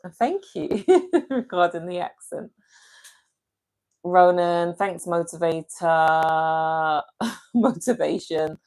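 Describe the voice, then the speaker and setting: A woman's voice: on the low side, expressive, slow pace, long pauses, darkish tone. A woman from England hosting a casual livestream, chatting with viewers by name and laughing easily. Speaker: livestream host. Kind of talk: casual live chat reading comments.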